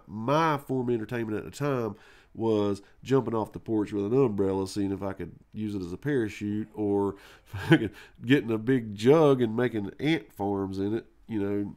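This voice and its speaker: On his live stream, a man casually rambles through a tale from his childhood, cursing and dropping in "man" and "you know" again and again. His voice is mid-range with a darkish tone.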